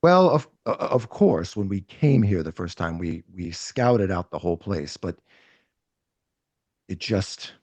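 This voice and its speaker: A man's voice: deep voice, animated, unhurried, darkish tone, no room sound. A man narrating as game master of a tabletop role-playing game, rambling with frequent restarts. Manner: rambling, hesitant, many restarts.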